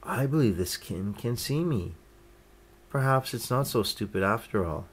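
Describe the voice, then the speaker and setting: A man reading a children's picture book aloud, gently lifting his voice for each character's lines. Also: lowish voice, expressive, moderate pace, slight background noise. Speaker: storyteller.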